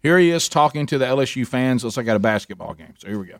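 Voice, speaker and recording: A man's voice: mid-range voice, animated, racing, background noise. A man from Alabama with a Southern accent, co-hosting talk radio in joking, conversational banter. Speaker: radio show co-host.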